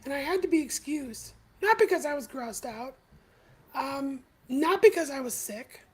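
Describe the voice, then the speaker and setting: A woman hosting a podcast live stream, telling her own story in a candid, confessional way with halting pauses. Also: sits high, animated, low-quality recording. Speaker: podcast host.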